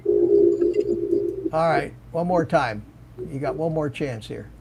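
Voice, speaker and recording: Older guy hosting a live stream on a call, kinda high voice, rambly, bit of hiss. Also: slow, gravelly, dark tone. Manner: rambling, restarts often. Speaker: livestream host. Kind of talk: casual panel chat.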